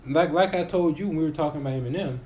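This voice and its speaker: A man's voice: on the high side, very fast, mellow, slight background noise. A man in his twenties co-hosting a podcast, casually arguing his opinions and restarting sentences as he builds his points. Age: 20s. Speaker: podcast co-host. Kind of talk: casual chat.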